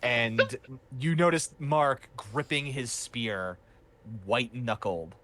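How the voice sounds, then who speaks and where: A man's voice: mid-range voice, slow, a bit bright, slight background noise. A man running a tabletop game as game master, narrating loosely with many fillers.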